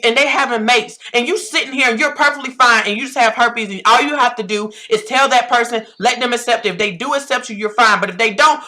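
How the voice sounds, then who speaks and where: A woman's voice: high voice, sharp tone. A woman in her thirties with a Southern US accent, giving a blunt, preachy pep talk as a life coach and repeating phrases for emphasis. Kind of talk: direct-to-camera pep talk.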